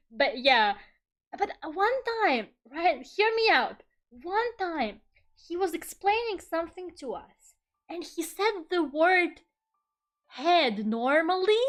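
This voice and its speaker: A young woman with a high, slightly bright voice streams herself drawing. She chats casually and rambles as she works, often laughing and swearing freely.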